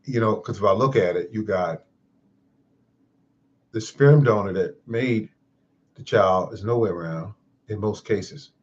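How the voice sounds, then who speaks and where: A man's voice: lowish voice, a little slow, long pauses, lo-fi sound. A man hosting a casual live stream, telling a reflective, moralizing story in a rambling way. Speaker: host of a live-stream gardening show.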